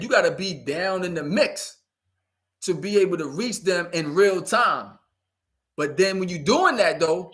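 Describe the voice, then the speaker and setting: A man's voice: high-pitched, a bit bright. A man giving a blunt, profane street-talk monologue, preaching to young people and often asking "you know what I'm saying". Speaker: community speaker.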